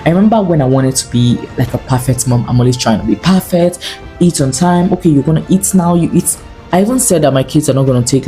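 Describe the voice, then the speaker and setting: Young woman, low mellow voice, earnest confiding vlog delivery, faint music behind. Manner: earnest and confiding, with animated asides. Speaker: lifestyle vlogger. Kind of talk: candid talking-to-camera vlog.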